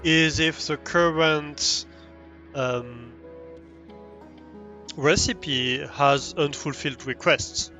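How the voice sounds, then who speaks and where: A man's voice: fairly high pitch, drawn-out words, pauses often, pushed and bright, faint music behind. Chatty man with a French accent. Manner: rambling, many restarts and ums, laughs easily. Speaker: livestreamer. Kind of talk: casual chat while streaming a game.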